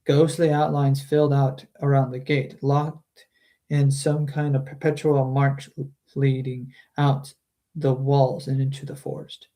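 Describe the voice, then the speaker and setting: A man's voice: medium pitch, level tone, measured pace, warm tone. A man reading a book aloud on a stream, chatting about the story between passages and often restarting his sentences. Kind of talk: casual book reading with commentary.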